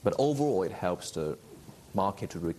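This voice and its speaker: A man's voice: low-pitched, lively intonation, moderate pace, dark tone, a little hiss or hum. A man being interviewed as a company executive, giving short, confident answers. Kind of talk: broadcast interview.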